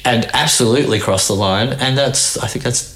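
A man's voice: mid-range voice, moderate pace, a bit bright. A man co-hosting a casual chat, rambling and often restarting his sentences with an occasional laugh. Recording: roomy echo.

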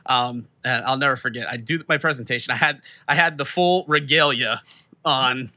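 Casual bright-voiced guy, young, rambles through an animated story, laughs a lot. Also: mid-range voice, normal speed. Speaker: podcast co-host. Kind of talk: casual chat, played as an old episode clip.

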